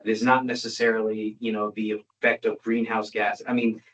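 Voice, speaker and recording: A man at a public meeting giving a skeptical view, halting, restarting often and filling gaps with "you know". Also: lowish voice, level tone, fairly bright tone, a little hiss or hum. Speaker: commissioner. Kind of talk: meeting discussion. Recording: muffled meeting-room recording.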